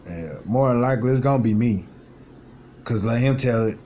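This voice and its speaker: A man's voice: mid-range voice, fairly quick, warm tone, slight background noise. A man in his twenties telling his life story in a vlog, venting bluntly with lots of swearing and frustration. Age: 20s. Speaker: vlogger. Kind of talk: personal vlog monologue.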